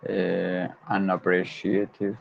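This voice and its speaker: Male learner, Arabic first language; slow, hesitant study-stream host with a gravelly, lowish voice, repeats words aloud; dull lo-fi audio. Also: completely flat delivery, slight background noise. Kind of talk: livestream study session.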